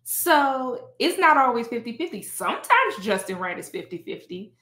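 A woman's voice: fairly high pitch, moderate pace. A woman, a family lawyer from Texas, explaining the law in casual podcast chat and telling stories with lots of laughter. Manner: animated storyteller, laughs often. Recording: roomy echo.

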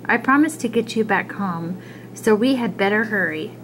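Woman playing a polite little boy, storybook, soft-spoken. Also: mid-range voice, expressive, normal speed, a little hiss or hum, natural voice, low-quality recording. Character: polite young boy on a quest.

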